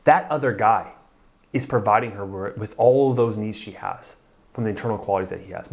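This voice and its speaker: A man's voice: fairly low pitch, a little fast, a little mellow. A man coaching husbands in a blunt, pushy motivational talk, swearing for emphasis. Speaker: marriage coach.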